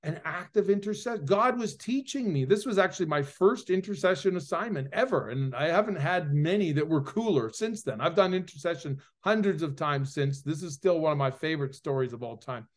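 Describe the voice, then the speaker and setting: A man with a fairly high voice shares a personal faith testimony as a guest in an interview. He tells it earnestly and with feeling, his voice growing louder at the high points of the story. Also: animated, a little fast, few pauses. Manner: earnest, emotional storytelling that swells louder at its peaks. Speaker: preacher and author, interview guest.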